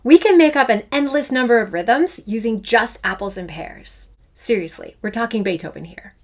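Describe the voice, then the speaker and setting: A woman's voice: on the high side, expressive, normal speed. A middle-aged woman music teacher from Canada, giving a playful, upbeat online lesson for children. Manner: enthusiastic, playful, speaks to children.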